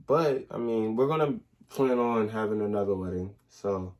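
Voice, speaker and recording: A young man, casually telling animated stories in a couple's Q&A, full of slang and restarts. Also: lowish voice, moderate pace. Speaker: soldier in the Army, husband.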